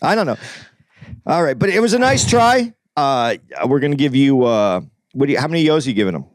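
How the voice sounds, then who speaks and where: Lively, animated male podcast co-host. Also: brisk, no echo, studio quality. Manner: animated, jumps into playful voices when pitching ideas. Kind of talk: casual podcast chat.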